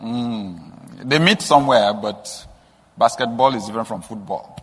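A man preaching a sermon, telling stories with soft asides and sudden emphatic rises. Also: mid-range voice, measured pace, husky. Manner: storytelling with rising emphatic bursts and soft asides. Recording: long hall reverb.

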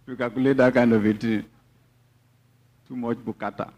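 A man's voice: mid-range voice, fairly even intonation, normal speed, a little mellow. A man with a Nigerian accent, preaching a sermon as pastor, mixing teasing asides to the congregation with emphatic teaching.

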